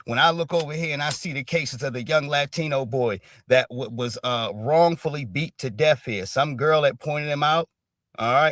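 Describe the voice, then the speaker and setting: A man's voice: a little high, a bit bright, no echo, studio quality. A man commenting on a livestream, talking bluntly and profanely, punctuating nearly every sentence with a questioning "all right". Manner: emphatic, profane, repeats "all right" constantly. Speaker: stream commentator.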